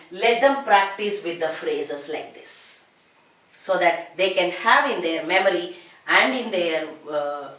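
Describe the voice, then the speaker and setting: A woman teacher talks through a grammar lesson at an unhurried pace. Her voice rises and falls widely as she stretches out each example. The sound carries a noticeable room echo. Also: medium pitch, a bit bright. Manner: slow, drawn-out phrases, repeats each example form. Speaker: English teacher. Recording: echoey room.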